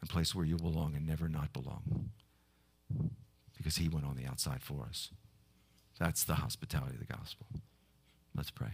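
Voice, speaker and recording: A man preaching a sermon, telling a story with many halting restarts, then leading a prayer. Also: rumbling low, steady tone, gravelly, husky.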